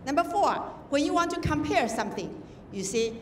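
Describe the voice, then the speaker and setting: High woman judge, echoey hall. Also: animated, a little fast, slight background noise. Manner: instructive, demonstrating with examples. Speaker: contest judge. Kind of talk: feedback speech to students. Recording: echoey hall, distant mic.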